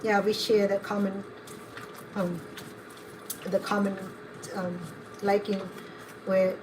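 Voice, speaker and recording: A woman's voice: medium pitch, level tone, slow pace, pauses often, background noise. A middle-aged woman rambles through a story as she cooks, her voice staying fairly level. She wanders from one tale to the next in an easygoing, chatty way. Running water and kitchen clatter are plain behind her. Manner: rambling, digressive storytelling while cooking. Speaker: home cook and channel host. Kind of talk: chatty cooking vlog. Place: home kitchen.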